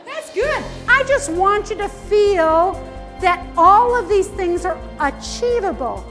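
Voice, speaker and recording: A middle-aged woman giving a conference presentation as a health speaker, telling stories with animated, self-mocking humor. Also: very high-pitched, slow pace, soft background music, some chatter behind. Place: conference hall.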